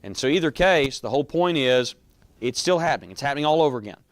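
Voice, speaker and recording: A man's voice: medium pitch, animated, fast talker, no room sound. A man teaching a Bible class in a conversational way, often quizzing his students.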